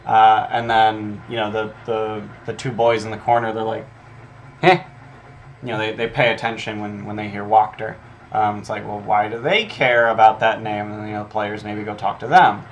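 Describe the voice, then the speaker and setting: Guy doing game prep out loud, lowish voice, lots of ums and swearing, faint hum behind. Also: monotone, a little fast, highs cut off. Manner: filler-heavy, profane, thinking aloud. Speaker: game master prepping an adventure. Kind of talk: casual solo prep talk, reading notes aloud.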